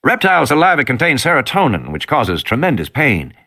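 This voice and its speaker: A man doing a soft Southern biologist. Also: medium pitch, wildly swooping pitch, a little fast, voice pushed up, heavily acted. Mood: explaining. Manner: patient, explanatory. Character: soft-spoken male American field biologist.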